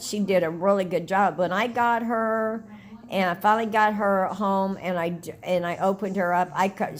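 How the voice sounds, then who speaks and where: Older woman, low-pitched, chatty collector rambling through stories to camera. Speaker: doll collector. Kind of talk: casual talk to camera.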